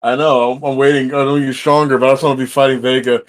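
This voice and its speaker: A man's voice: medium pitch, little pitch movement, fast talker. A man playing in a tabletop game, eager and casual, with frequent swearing. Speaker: player.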